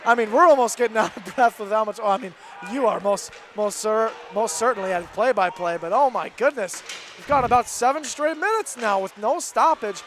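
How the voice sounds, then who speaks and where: A young man giving chatty, excitable color commentary on a college hockey game from the broadcast booth. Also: high-pitched, brisk, a little hiss or hum.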